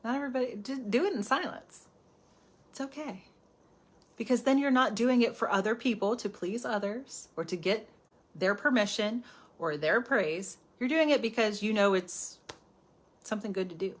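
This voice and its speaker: Woman host, casual live self-help talk, expressive, slips into whispered asides. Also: a little high, moderate pace, husky. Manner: animated, chatty, often drops to a whisper for asides. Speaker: healing coach hosting a live stream.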